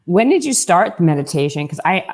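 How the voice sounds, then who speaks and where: Female podcast host, low register, casual, self-correcting. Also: big pitch swings, fairly quick, a little mellow. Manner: conversational, relatable, self-correcting. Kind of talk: casual interview chat.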